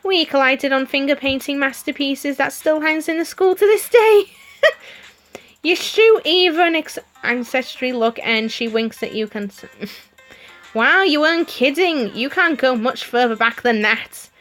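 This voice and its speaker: A woman's voice: high voice, expressive, unhurried, a bit bright, soft background music. A woman streamer reading a story game aloud, giggling and adding her own comments between the lines. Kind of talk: reading game dialogue aloud with playful voices.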